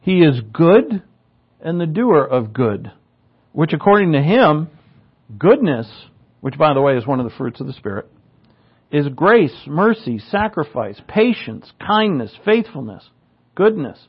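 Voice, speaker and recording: A man's voice: a little high, big pitch swings, measured pace, breathy edge, highs cut off. A man preaching a sermon in a conversational way, firing rhetorical questions and slipping in humorous asides. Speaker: pastor.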